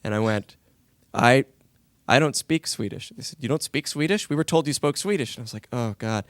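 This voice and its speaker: Animated man telling a story. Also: medium pitch, a little fast, no echo. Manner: animated anecdote, acting out quoted lines. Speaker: voice actor. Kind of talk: casual storytelling on a panel.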